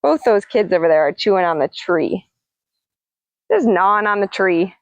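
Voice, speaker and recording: A woman's voice: mid-range voice, animated, normal speed, dry recording, dull audio. A woman hosting a casual livestream as a parrot trainer, chatting with viewers and cooing to her birds in a singsong voice. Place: outdoors.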